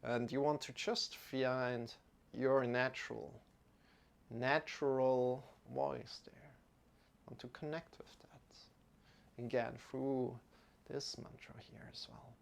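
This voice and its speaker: A man guiding a yoga class, giving gentle and unhurried instructions with soft asides. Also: medium pitch, creaky, slight background noise. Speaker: yoga teacher.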